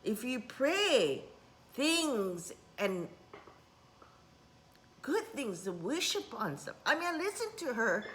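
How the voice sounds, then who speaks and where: A woman's voice: fairly high pitch, very animated, slow pace, a little hiss or hum. A middle-aged woman who teaches spiritual workshops, rambling in a casual vlog and dropping in Japanese words. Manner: rambling, warm-hearted, mixes in Japanese words.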